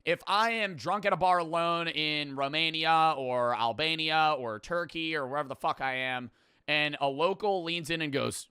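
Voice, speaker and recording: Brief: young male streamer, bright punchy tone, dry close sound, swears a lot and rambles. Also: on the high side, moderate pace, clean tone, no echo. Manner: excitable, profane, rambling banter. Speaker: streamer reacting to a video. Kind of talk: casual reaction commentary.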